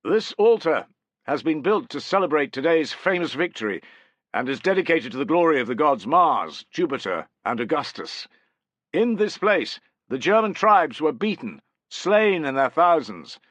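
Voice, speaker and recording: A man's voice: on the high side, sing-song, moderate pace, fairly bright tone, no room sound, voice pushed up. A man voicing a commanding Roman general reading a formal proclamation, in an audiobook. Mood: proclaiming.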